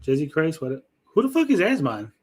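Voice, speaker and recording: Husky-voiced man hosting a reaction stream. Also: a little high, huge pitch swings, moderate pace, darkish tone. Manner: blunt, profane, sarcastic. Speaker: streamer host. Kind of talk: casual livestream reaction chat.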